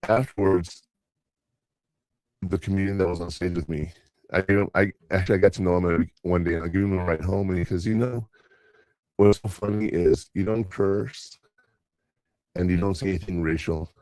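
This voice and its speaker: A man's voice: low-pitched, fairly even intonation, normal speed, pauses often, darkish tone, no room sound. An older man hosting a podcast in casual chat, rambling through stories and acting out other people's lines. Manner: rambling storyteller, quoting others in voices. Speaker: podcast host.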